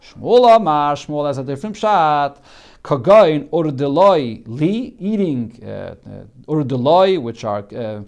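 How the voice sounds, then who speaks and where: Talmud teacher man, higher-pitched voice. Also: animated, unhurried, darkish tone. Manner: explains Aramaic text line by line with many fillers. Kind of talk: daily Talmud class.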